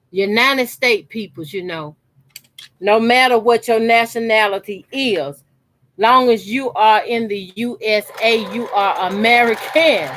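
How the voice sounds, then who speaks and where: A sewing channel host with a mid-range, slightly bright voice chats casually with her viewers in her sewing corner at home. She cuts fabric scraps for a quilt as she talks, emphatic and repetitive.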